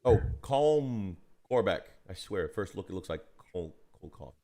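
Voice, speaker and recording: Animated, playful male stream co-host. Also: deep voice, moderate pace, a crowd in the background. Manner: playful, laughing often, breaks into jokey voices. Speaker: co-host of a tabletop gaming live show. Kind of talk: casual live-stream chat, reading game rules aloud.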